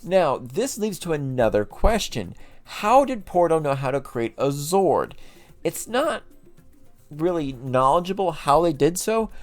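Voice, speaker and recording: A man's voice: mid-range voice, darkish tone. A man casually recapping show lore as a channel host, chatty and rambling, often correcting himself mid-sentence.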